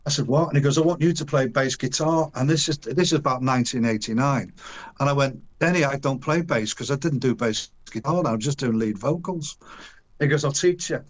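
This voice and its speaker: A man's voice: mid-range voice, fairly quick. Older man telling a rowdy anecdote. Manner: animated, acts out quoted voices, frequent restarts and chuckles; colloquial, earthy slang. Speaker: interview guest. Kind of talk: casual storytelling anecdote.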